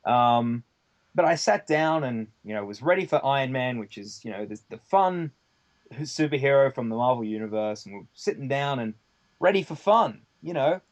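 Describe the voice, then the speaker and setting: A man of middle pitch talks his way through a long story as a podcast guest. His delivery is loose and conversational, full of fillers and the odd curse as he builds the tale. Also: animated, normal speed, muffled recording. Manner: rambling anecdote with many fillers and casual swearing. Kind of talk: casual storytelling chat.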